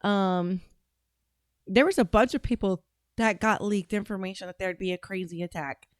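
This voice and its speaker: A woman's voice: medium pitch, moderate pace, no room sound, clean studio sound. A woman hosting a casual livestream, reacting to clips and chatting with viewers in a blunt, profane way. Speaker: livestream host.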